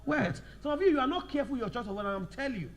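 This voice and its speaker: Male law lecturer, high voice, drills the class with fill-in-the-blank questions and dictates slowly. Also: expressive. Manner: slows down to dictate notes.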